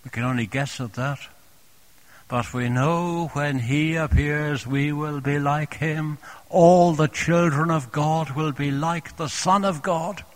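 A man preaching a sermon, speaking gently and tenderly, repeating phrases softly and addressing the congregation as dear friends. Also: a little high, steady tone, takes it slowly.

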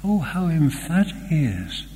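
An older man preaching a sermon in a church, earnest and slow, with fond asides. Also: fairly high pitch, sing-song, warm tone. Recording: long hall reverb, faint hum.

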